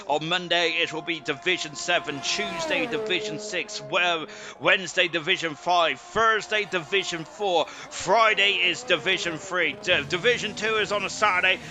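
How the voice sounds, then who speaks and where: A British man commentates a sim racing league live as an esports race commentator, rambling with lots of fillers and self-deprecating jokes. His voice is high at normal speed, with music in the background.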